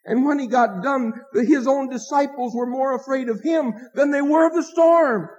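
Male pastor preaching earnestly, high voice, kinda muffled old church tape. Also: darkish tone. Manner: earnest preaching with rising emphasis and dramatic pauses. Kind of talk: evening sermon.

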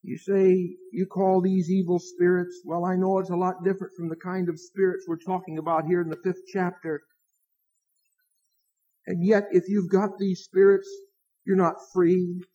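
Male pastor preaching earnestly, high voice, kinda muffled old church tape. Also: flat delivery, dark tone. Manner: earnest preaching with rising emphasis and dramatic pauses. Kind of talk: evening sermon.

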